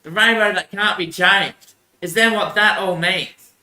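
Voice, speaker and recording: A man's voice: high-pitched, unhurried, sharp tone, reverberant, low-quality recording. A young man, rambling crudely in a religious monologue and laughing often. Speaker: vlogger.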